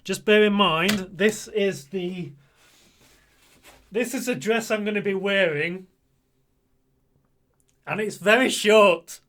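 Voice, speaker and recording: A British man in his forties chats casually while live streaming, sounding a bit flustered and laughing often. His voice is high and a bit bright, and he takes it slowly with frequent pauses.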